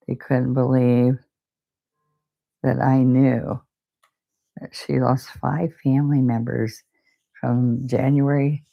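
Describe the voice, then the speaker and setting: An older woman, hosting a live painting stream. She talks softly and close to tears, often repeating words as she chats to viewers. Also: rumbling low, vocal fry, lo-fi sound. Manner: soft-spoken, tearful, repeats words. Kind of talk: casual heartfelt chat to live viewers.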